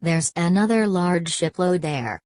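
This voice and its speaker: A woman's voice: lowish voice, lively intonation, measured pace, a little mellow, no room sound. A woman reading as an ancient weary ghost hunter. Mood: solemn.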